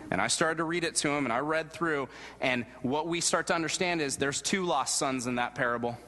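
Earnest preacher in a reverberant hall. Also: male voice, a little fast. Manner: earnest, storytelling, drops low and soft at emotional moments. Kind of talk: sermon with personal story. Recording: long reverb of a large hall.

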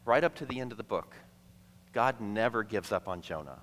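A man preaching a sermon to a congregation, conversational and playful, acting out quick asides between the teaching. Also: on the low side, lively intonation, fairly bright tone, slight background noise. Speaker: pastor. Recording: long hall reverb.

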